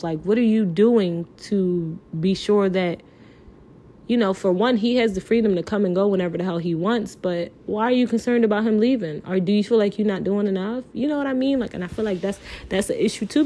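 A woman hosts a podcast alone, delivering an emotional monologue in an impassioned, pleading way, full of filler words and swearing and close to tears. Her voice is medium-pitched, brisk and mellow.

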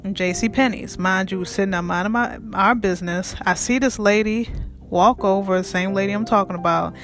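A vlogger telling a heated storytime rant straight to viewers, animated and profane, calling out to the audience as she goes. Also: medium pitch. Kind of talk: casual storytime rant to camera.

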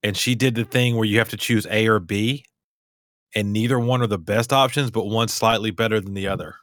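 A man's voice: on the low side, steady tone, a little fast, a bit bright, no room sound, studio quality. A man hosting a podcast, chatting casually, rambling and laughing easily. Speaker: podcast host. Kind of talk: casual chat.

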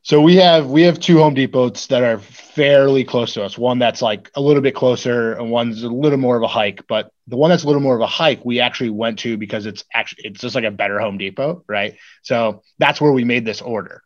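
A man's voice: mid-range voice, a little fast, few pauses, muffled recording. A man co-hosting a podcast, telling a long story in a loose, rambling way with lots of filler words. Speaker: podcast co-host. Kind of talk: casual chat.

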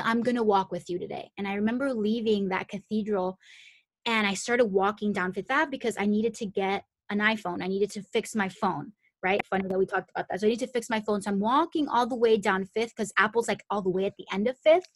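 A woman's voice: mid-range voice, a little fast, no echo. A young adult woman hosting a podcast, telling a personal story in a casual, chatty way, full of "like" and "um" and frequent restarts. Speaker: podcast host.

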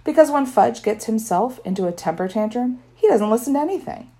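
Woman narrating a kids story, wry boy's voice in first person, some fry. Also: fairly high pitch, animated, a little fast, warm tone. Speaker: audiobook narrator.

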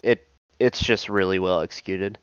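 A man with a smooth, slightly low voice weighs in calmly during a casual sports chat. The sound is dry and a little muffled, like a lo-fi remote mic. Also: normal speed, no echo.

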